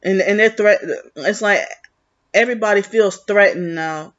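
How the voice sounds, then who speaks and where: A woman's voice: medium pitch, normal speed, a bit bright. A woman vlogging in a rambling, agitated, accusatory monologue, full of restarts. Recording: muffled lo-fi recording.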